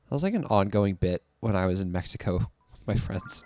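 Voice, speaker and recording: A young man with a deep voice talks a little fast in a dry, studio-quality recording while streaming a game. He chats casually, rambling and giggling in an animated way.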